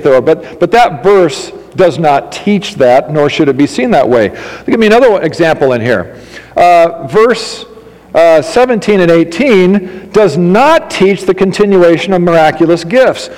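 Male pastor, high voice, emphatic sermon delivery with direct questions, long reverb in the hall. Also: darkish tone. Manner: emphatic, addresses congregation directly with questions and humor.

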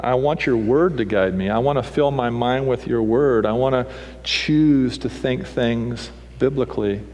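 A middle-aged man preaching a sermon as pastor, animated and theatrical, acting out people's voices to make his points. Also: big-room sound. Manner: animated, mimics people with raised pitch and punchy delivery.

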